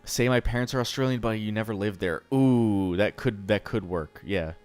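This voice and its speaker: A man's voice: fairly low pitch, normal speed, a little mellow, soft background music. A man streaming live, chatting casually and answering chat, rambling and swearing freely.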